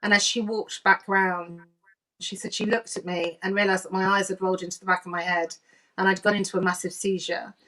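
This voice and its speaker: A woman, a medium and coach, telling a deeply personal story in an earnest, emotional way and acting out remembered dialogue. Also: level tone, brisk, bright, forceful tone, recorded from a distance.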